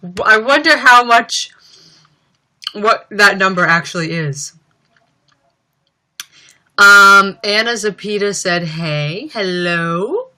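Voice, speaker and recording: A woman's voice: mid-range voice, expressive, slow pace, pauses often, pushed and bright. A young woman chatting casually on a livestream, reading out viewer comments and rambling with lots of fillers. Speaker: livestream host.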